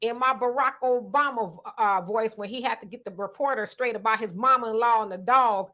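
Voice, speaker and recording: Host reading chat on a live stream: sassy woman, bright, slightly high voice. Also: fairly quick, few pauses. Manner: sassy, playful, animated. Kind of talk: live online discussion, reading viewer comments.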